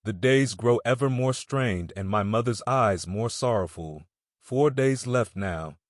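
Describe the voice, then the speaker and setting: A man's voice: on the low side, a little slow, no room sound. Somber male audiobook narrator, dry sound. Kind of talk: scripted narration.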